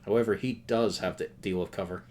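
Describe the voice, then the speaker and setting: A man's voice: deep voice, fairly even intonation, brisk, darkish tone, slight background noise. A man narrating as game master of a tabletop game, with wry, laughing asides.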